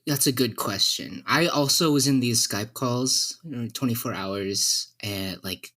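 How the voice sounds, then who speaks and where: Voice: mid-range voice, a little slow, a bit bright. A podcast guest in casual comedic chat, playful and rambling, telling goofy stories.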